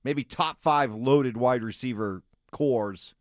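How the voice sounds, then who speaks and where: A man's voice: medium pitch, slow, no echo, clean studio sound. A man hosting a sports radio show, steering the talk with questions and takes. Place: radio studio.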